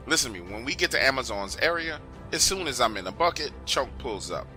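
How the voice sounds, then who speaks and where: A man's voice: medium pitch, big pitch swings, a little fast, over music. A man narrating a true story in an emphatic, conversational way, often urging the listener to pay attention.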